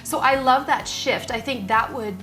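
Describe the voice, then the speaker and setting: A middle-aged woman co-hosting a casual chat show, lively and reactive, often answering with short affirmations. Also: sits high, moderate pace, soft background music. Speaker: podcast co-host.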